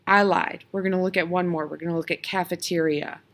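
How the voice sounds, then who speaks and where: A woman's voice: on the low side, steady tone, fairly quick, a bit bright. A woman teaching a lesson on video, patiently explaining step by step and sounding out spoken examples.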